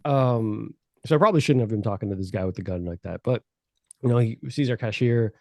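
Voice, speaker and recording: A man's voice: fairly low pitch, brisk, no echo. Man telling a story in a dry recording. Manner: animated, profane storytelling, voices the people in his story. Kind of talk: casual podcast storytelling.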